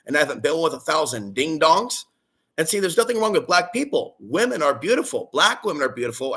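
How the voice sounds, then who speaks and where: A man's voice: on the high side, fairly bright tone, husky. A male host giving a preachy, ranting livestream monologue and calling out to his audience for amens.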